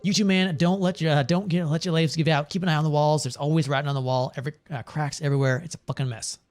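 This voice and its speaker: A man's voice: fairly high pitch, steady tone, quick pace, a little mellow, soft background music, close to an everyday voice. A man reading the lines of a bitter older former financier who rambles and swears about war and greed. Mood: bitter ranting. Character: bitter older man, former money-circles big shot, ranting.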